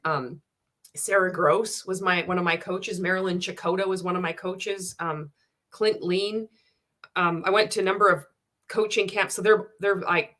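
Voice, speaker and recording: A woman hosting a candid reaction video, reading out viewer comments and giving blunt, sarcastic commentary full of swearing. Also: lowish voice. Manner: animated and indignant.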